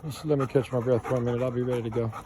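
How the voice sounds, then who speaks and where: A man's voice: mid-range voice, steady tone, rapid-fire, noisy background, natural voice. A man voicing his tired pet dog, who whines and pleads breathlessly for a rest, outdoors in a backyard. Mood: whiny, weary.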